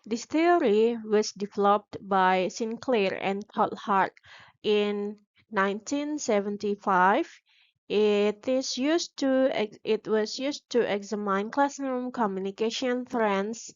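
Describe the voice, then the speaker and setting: A young woman with an Indonesian accent giving an academic class presentation as a graduate student, halting with frequent restarts and fillers. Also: medium pitch, no room sound, highs cut off.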